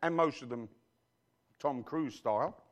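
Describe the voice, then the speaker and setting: Unhurried and mid-range, this man's voice belongs to a pastor preaching in church who was raised outside the U.S. As he goes, he keeps throwing questions out to the congregation, preachy and call-and-response.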